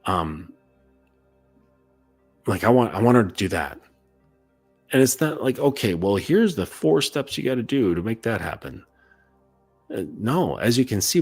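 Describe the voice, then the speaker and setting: A man with a fairly low, husky voice gives a casual coaching monologue. He talks loosely and conversationally and keeps checking in with the listener. Faint music plays underneath. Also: darkish tone. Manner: loose and conversational, full of "like" and "okay?" check-ins.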